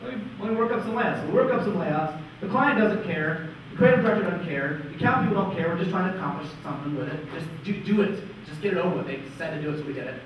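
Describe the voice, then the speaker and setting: A man co-presenting a conference talk, telling an anecdote in an animated, self-interrupting way. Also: a little high, quick pace, a little hiss or hum. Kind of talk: storytelling on stage. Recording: echoey hall, far-off dull mic.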